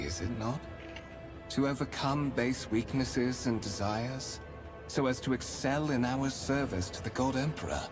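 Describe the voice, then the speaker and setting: An actor voicing a refined, formal male imperial spymaster in a game, speaking in a measured, courtly way with clear music behind. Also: mid-range voice. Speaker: game character.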